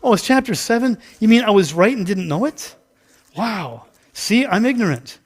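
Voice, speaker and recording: A man with a fairly high voice preaches a loose, conversational sermon in a church sanctuary. He chats with the congregation, pokes fun at his own mix-ups, and acts out the story with volunteers. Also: animated, normal speed, husky. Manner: chatty, self-deprecating, acts out the story with volunteers. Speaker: pastor. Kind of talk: casual interactive sermon.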